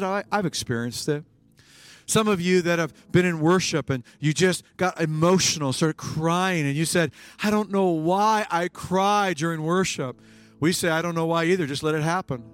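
A male pastor preaching a sermon, swinging between hushed lines and emphatic bursts. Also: high voice, no room sound.

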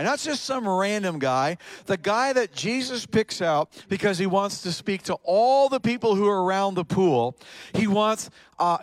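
A man preaching a sermon to a congregation, building to shouted, fervent emphasis. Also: high-pitched, dry recording. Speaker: pastor. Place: church service in front of a congregation.

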